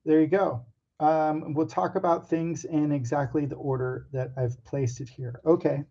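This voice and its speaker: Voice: medium pitch, steady tone, moderate pace, dark tone, highs cut off. An artist talking casually to camera about drawing, hesitant and nervous, with many ums and restarts and some self-mocking asides.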